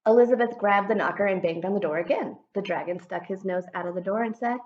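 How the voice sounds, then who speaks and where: A woman, an art teacher, reading a children's storybook aloud with animated storytelling. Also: medium pitch, fast talker, hardly any pauses, highs cut off. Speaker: guest reader, art teacher. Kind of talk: expressive story read-aloud.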